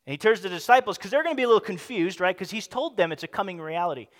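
A man preaches to his congregation, lively and animated, slipping into other voices for the speech he quotes. His voice sits high for a man. The sound rings with long reverb from a hall. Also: racing. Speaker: pastor. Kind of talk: sermon.

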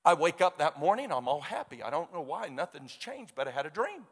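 A man preaching a sermon, telling a story with lively quoted voices. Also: fairly high pitch, a little fast, breathy edge. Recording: long hall reverb.

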